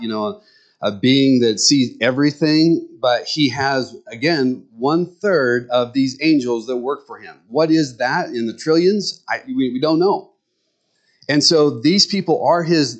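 A middle-aged man preaching a sermon in a conversational way, with joking asides to the congregation. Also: medium pitch. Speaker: pastor.

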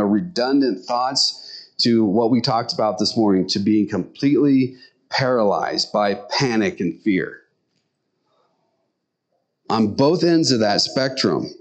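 A man preaching a sermon in an earnest, conversational way, often speeding up and slowing down. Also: mid-range voice. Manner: tells stories and acts out quotes.

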